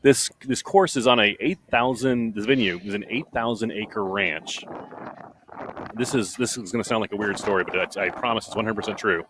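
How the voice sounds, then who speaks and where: A lower-voiced man calls an obstacle race live from the course. He wanders into long stories and bursts with excitement when competitors help each other. Faint outdoor noise hums under the mic. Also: moderate pace. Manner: excitable, rambling storyteller. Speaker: livestream commentator.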